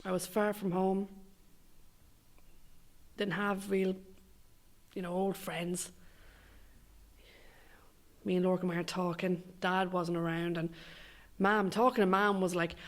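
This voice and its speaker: Her delivery is flat and slow, pitched on the low side, with many pauses. She's a young woman from Ireland performing a written comic monologue that is sweary, sardonic and meandering.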